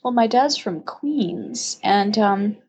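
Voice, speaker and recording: A woman's voice: medium pitch, animated, slow pace, darkish tone, poor audio. Giggly, rambling young woman. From upstate New York. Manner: giggly, rambling, laughs often. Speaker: guest. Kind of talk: casual podcast conversation.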